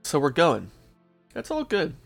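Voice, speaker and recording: A man's voice: a little high, huge pitch swings, unhurried, creaky, fairly bright tone, faint music behind. A young man hosting a podcast, casually telling a long story to his co-hosts, swearing freely and laughing along. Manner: laid-back, swears often, laughs at his own story. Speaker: podcast host.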